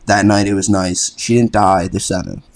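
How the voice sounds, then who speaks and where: A young man with a very low voice talks loosely through a personal story as a podcast guest. He rambles, leans on "like", and curses casually. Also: little pitch movement, normal speed. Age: young adult. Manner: laid-back, rambling, swears freely, fills with "like". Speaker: podcast guest, college lacrosse player.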